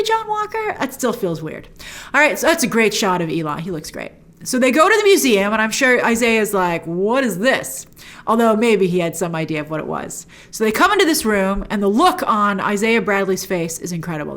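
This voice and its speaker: A woman hosting a casual spoken review of a TV episode, acting out characters' lines and adding frequent asides. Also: mid-range voice. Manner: animated, acts out characters' lines in quick voices.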